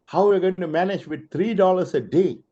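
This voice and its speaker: A man voicing a young girlfriend in a story, speaking gently but doubtfully. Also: sits high, a little fast, lo-fi sound, voice pushed up, natural voice. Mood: worried. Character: worried young girlfriend, practical.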